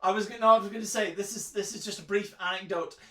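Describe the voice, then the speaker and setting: A man's voice: high-pitched, steady tone, fast talker, a bit bright, distant mic. A man co-hosting a comic live reading of a novel, playful and laughing between passages. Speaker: co-host reading a novel aloud. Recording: roomy echo.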